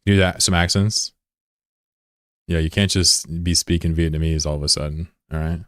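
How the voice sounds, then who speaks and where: A deep-voiced man chatting loosely with his viewers while he plays, wandering from thought to thought with lots of "like" and the odd curse. The sound is close and dry, with no room around it. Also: fairly even intonation, normal speed, a bit bright, no room sound. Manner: rambling, curious, filler-heavy and profane. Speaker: game streamer. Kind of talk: casual chat with viewers while gaming.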